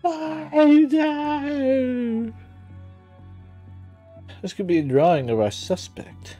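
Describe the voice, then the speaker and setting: A man's voice: fairly high pitch, animated, a little fast, dark tone, faint music behind. A man playing through a detective game, reading its text and cracking sarcastic jokes as he goes. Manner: sarcastic and jokey, laughing often. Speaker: gaming streamer. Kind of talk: playful game commentary.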